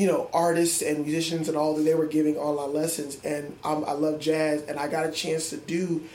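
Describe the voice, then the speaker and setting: Speaking briskly with little pitch movement, this adult man has a voice on the high side and a darkish tone. He teaches music at a middle school and reflects earnestly during an interview, restarting sentences often. The echoey room has faint ambience, plus a little hiss or hum.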